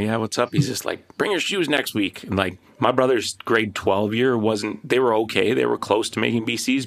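A middle-aged Canadian man, a podcast host now being interviewed, telling rambling, animated stories in casual chat. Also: fairly low pitch. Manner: rambling, animated anecdotes with many fillers.

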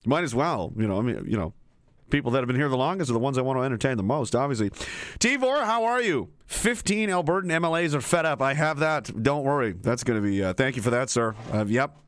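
A man's voice: medium pitch, lively intonation, fast talker, no room sound, studio quality. A man hosting a livestream show, rambling and swearing freely, laughing often as he reads chat comments aloud. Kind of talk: profane, rambling livestream rant.

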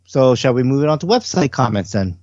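A man co-hosting a casual podcast, talking in a relaxed, rambling way with many fillers. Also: mid-range voice, a little fast, dry recording, dull audio. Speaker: podcast co-host. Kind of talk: casual chat.

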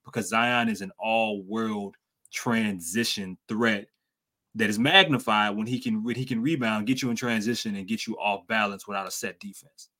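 A man co-hosting a casual podcast, talking sports and accents and getting animated when he teases his co-host. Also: normal speed. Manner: animated, jumps high in pitch when teasing. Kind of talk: casual sports and culture chat.

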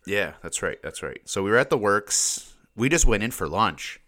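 Deep-voiced rambling man, chatty. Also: big pitch swings, moderate pace, sharp tone. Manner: rambling, stammers with repeated words, laughs often. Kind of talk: casual chat.

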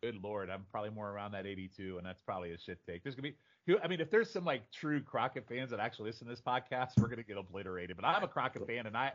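A man's voice: on the low side, rapid-fire, hardly any pauses, a bit bright. A man hosting a casual podcast chat, talking bluntly and swearing freely. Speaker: podcast host. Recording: dull lo-fi audio.

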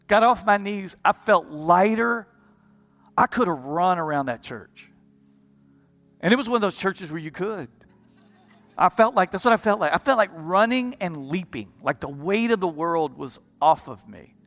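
High-voiced preacher in a reverberant hall. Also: male voice, fairly bright tone. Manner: impassioned, repeats words, restarts in bursts. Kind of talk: sermon testimony storytelling. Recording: long hall reverb with music underneath. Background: live keyboard music.

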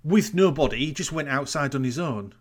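A man's voice: on the high side, expressive, a little fast. Incredulous man ranting. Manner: incredulous, ranting storyteller, sweary. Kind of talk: casual podcast chat recapping a TV episode.

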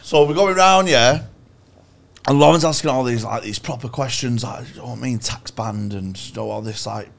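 A man's voice: medium pitch, moderate pace, gravelly. A young man telling a sweary, self-mocking story as a podcast co-host, laughing often. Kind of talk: casual storytelling chat.

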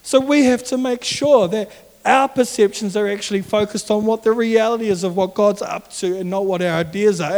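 A young man preaches to a youth group in an earnest, animated and conversational way. His voice sits high. It echoes with a long hall reverb. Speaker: youth pastor. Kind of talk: sermon.

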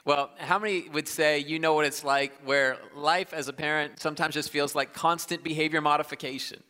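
A man in his thirties preaching a sermon in a large church, conversational and self-deprecating, with quick asides and restarts. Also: a little high, steady tone, pushed and bright, clean tone. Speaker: pastor. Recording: live church hall with long reverb.

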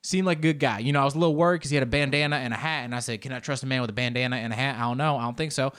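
Man putting on a sleazy diamond dealer, low soft voice, smooth salesman patter, comedy bit. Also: rapid-fire, close to an everyday voice. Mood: smooth-talking.

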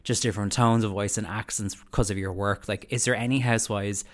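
A woman's voice: a bass voice, fairly even intonation, brisk. A woman hosting a casual chat, giggly and full of filler words. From Ireland. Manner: chatty, giggly, lots of likes. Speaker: podcast host.

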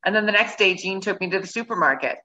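A woman, a guest on a show, telling a travel story in a casual, animated way and acting out her own reactions. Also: medium pitch, fast talker, dull audio.

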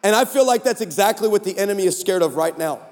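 A man preaching at a conference, telling a comic story with animated delivery and playful voices for the people in it. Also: high-pitched, fast, big-room sound. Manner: animated, acts out texts in funny voices. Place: large conference hall.

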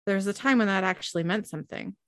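A woman's voice: mid-range voice, quick pace, no room sound, clean studio sound, close to an everyday voice. A woman reading the lines of a blunt, defensive adult brother during a show recap.

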